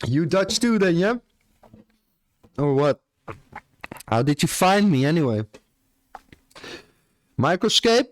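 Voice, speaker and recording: A young Australian man chats laid-back on a live stream, swearing offhandedly and often finishing his lines with "bro." His voice runs on the high side with big pitch swings, and he talks slowly with frequent pauses. There's slight background noise.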